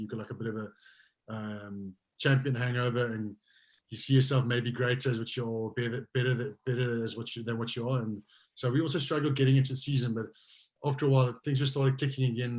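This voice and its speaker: Fast-talking man. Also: mid-range voice, low-quality recording. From South Africa. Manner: relaxed storytelling, many fillers and restarts. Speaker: guest, former rugby player. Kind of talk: casual interview chat.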